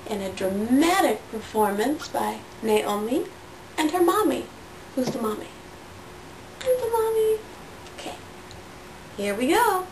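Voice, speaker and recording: A woman reading a picture book aloud to her toddler in a slow, sing-song storytelling voice. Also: a little high, distant mic. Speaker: parent reading to her child. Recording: roomy sound from away from the mic, faint noise.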